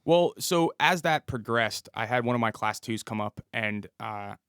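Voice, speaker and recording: A man's voice: mid-range voice, expressive, normal speed, a bit bright, clean tone, no echo, clean studio sound. A man who was a police officer, a podcast guest telling a story in a casual, matter-of-fact way. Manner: detailed, matter-of-fact retelling.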